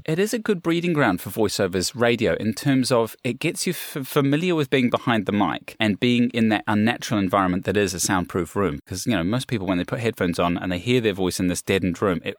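A man's voice: on the low side, animated, fairly quick, hardly any pauses, dry recording, clean studio sound. A man from England, a voiceover artist and coach, answering interview questions in a reflective way with frequent fillers and restarts.

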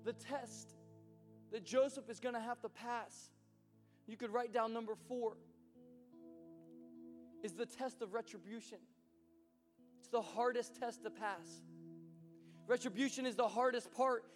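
A male pastor tells the story in a conversational, animated way. His voice sits very high for a man. The sermon rings in a long hall reverb with soft instrumental music underneath. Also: a little slow, long pauses.

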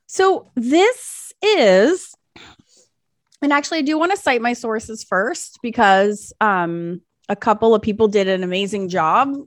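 A woman in her forties, co-hosting a podcast in casual chat, talking in an animated, rambling way with frequent laughs. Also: mid-range voice, moderate pace, few pauses, no echo, clean studio sound. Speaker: podcast co-host.

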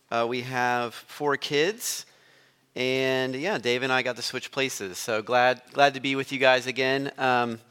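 A man's voice: mid-range voice, pushed and bright, smooth. A man preaching a sermon as a guest, telling a story in a conversational way.

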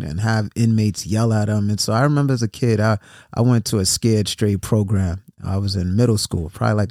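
A man's voice: on the low side, mellow, no room sound. Man talking casually on a dry close mic. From New York City. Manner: conversational, repeats words, asks "right?" often. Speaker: podcast host and motivational speaker. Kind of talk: casual solo podcast talk.

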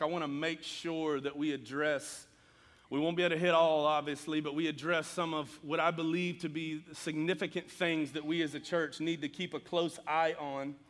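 A man's voice: fairly high pitch, fairly bright tone, in a large hall. A man preaching a sermon, earnest and emphatic as he reads scripture and speaks to the congregation. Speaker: pastor.

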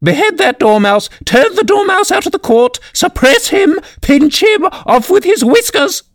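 A man voicing a furious queen in an audiobook reading, with a shrill, screaming voice. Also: sing-song, measured pace, full character voice. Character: shrieking furious female queen.

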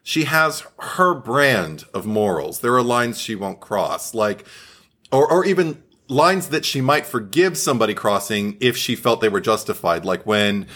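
Male co-host, animated and giggly, lowish voice, casual chat. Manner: animated, laughs often, quick to enthuse. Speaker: podcast co-host.

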